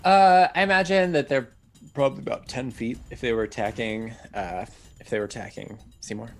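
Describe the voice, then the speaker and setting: A man's voice: medium pitch, fairly quick, vocal fry. A British man narrating as dungeon master, dramatic and laughing as he tells the action. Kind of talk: narrating a tabletop game.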